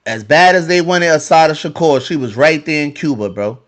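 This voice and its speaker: A man's voice: fairly high pitch, animated, moderate pace. Argumentative man hosting a podcast debate. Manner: argumentative, repeats phrases. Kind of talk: heated panel debate.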